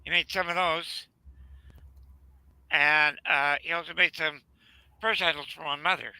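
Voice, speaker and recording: A man with a Southern US accent telling a rambling family story in casual chat, halting with fillers. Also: fairly high pitch, fairly even intonation, pushed and bright, clear, resonant tone, no echo, rough recording. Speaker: channel host.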